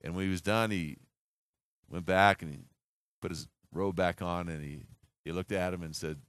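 A man preaching a sermon, telling the story animatedly and dropping to a hushed, slow voice for solemn moments. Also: deep voice, dry recording. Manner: animated storytelling, acting out disciples' reactions. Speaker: pastor.

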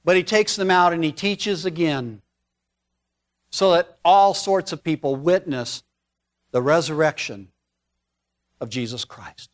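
A man's voice: fairly high pitch, unhurried, pauses often. A man preaching a storytelling sermon, conversational, with folksy asides.

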